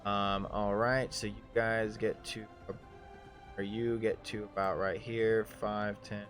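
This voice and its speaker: A man narrating a live tabletop game as game master, halting often with ums and restarts. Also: fairly low pitch, little pitch movement, fairly bright tone, soft background music.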